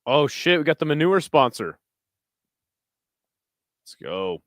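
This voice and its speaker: Tired guy doing a chill fight watch-along, swears a lot, smooth clear voice, dry close mic. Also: a little high, sing-song, slow, fairly bright tone, no room sound. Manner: laid-back, profane, jokey asides to chat. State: tired, burping. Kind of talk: casual live commentary.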